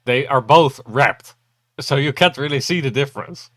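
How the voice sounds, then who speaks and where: A man's voice: mid-range voice, moderate pace, fairly bright tone, dry recording. A man chatting in a friendly, rambling way on an online book club call, often trailing off mid-sentence. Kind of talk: casual online group chat. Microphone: video call microphone.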